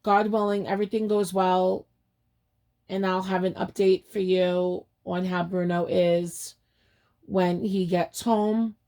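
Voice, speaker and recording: A woman's voice: on the low side, level tone, slow pace, mellow. A woman vlogger anxiously retelling conversations in a personal update, sounding overwhelmed.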